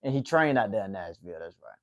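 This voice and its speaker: Host: late-20s Southern man with an Atlanta accent, relaxed and chatty, talking to his viewers. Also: lowish voice, quick pace, dull audio. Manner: laid-back, chatty, reacting to chat. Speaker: livestream host. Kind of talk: casual chat with viewers.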